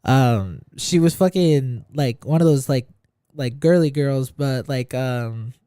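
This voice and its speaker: A man's voice: mid-range voice, slow pace, mellow, smooth, no room sound, studio quality. A young man telling a long, rambling story in casual podcast chat, swearing constantly. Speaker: podcast co-host.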